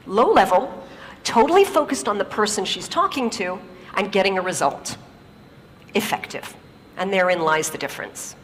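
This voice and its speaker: A woman and native English speaker giving a lively, humorous talk on stage, often turning to the audience with questions. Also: fairly high pitch, in a large hall, slight background noise. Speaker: conference speaker. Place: large auditorium.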